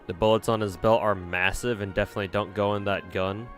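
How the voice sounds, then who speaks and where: A man's voice: deep voice, steady tone, fast, a bit bright, faint music behind. A man streaming a game, rambling casually and swearing freely as he reacts. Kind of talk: casual gameplay commentary.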